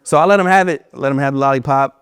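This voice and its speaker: A man's voice: medium pitch, quick pace, a bit bright, smooth, no echo. A man giving a motivational keynote to educators, emphatic and repeating phrases for effect, telling personal stories with humor.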